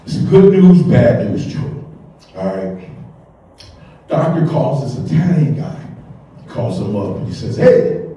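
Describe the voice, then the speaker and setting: A man's voice: mid-range voice, sing-song, unhurried, long pauses, dark tone, heavy reverb, recorded from a distance, rough recording. A man doing a stand-up comedy set on stage, telling loose stories full of asides. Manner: loose storytelling with frequent asides.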